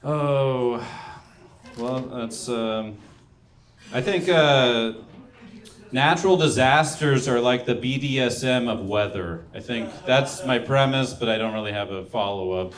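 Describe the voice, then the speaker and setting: Young guy doing stand-up, awkward one-liners, mumbles off after each joke, mid pitch. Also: unhurried. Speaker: stand-up comedian. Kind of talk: stand-up set. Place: comedy club stage.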